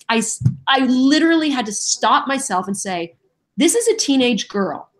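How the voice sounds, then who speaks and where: A middle-aged woman, a voice actress guest on a podcast, telling lively stories and acting out voices and quotes in casual chat. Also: a little high, moderate pace. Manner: lively storyteller who acts out voices and quotes.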